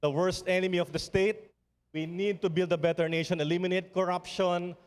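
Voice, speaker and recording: A middle-aged man with a Filipino accent delivers a conference keynote with a slightly high voice. His speech is earnest and rousing, built on repeated refrains. His words ring out with a long reverb through a large hall. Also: fairly even intonation, a little fast, clean tone. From Philippines. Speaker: summit speaker.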